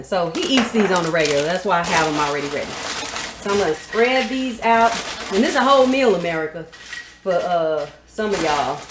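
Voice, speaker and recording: A woman's voice: fairly low pitch, noisy background. Chatty woman cooking in an echoey kitchen. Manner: chatty, talks straight to viewers. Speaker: home cook host. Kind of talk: casual cooking demonstration. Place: home kitchen at the stove. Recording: echoey kitchen with frying sizzle.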